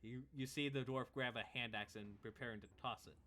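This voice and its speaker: Bright-voiced man running a tabletop game. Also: mid-range voice, fairly quick. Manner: relaxed, chuckling narration of combat. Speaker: game master.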